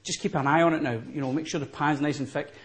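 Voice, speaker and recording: A man's voice: fairly high pitch, fairly even intonation, quick pace. A man working as a chef, patiently explaining a recipe step by step in a studio kitchen. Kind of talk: cooking demonstration.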